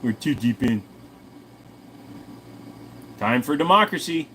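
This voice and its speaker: A man's voice: medium pitch, expressive, slow, a bit bright, a little hiss or hum. A man in his forties with a Tennessee accent, hosting a casual livestream and chatting to viewers in a crude, profane, joking way. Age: 40s. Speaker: livestream host.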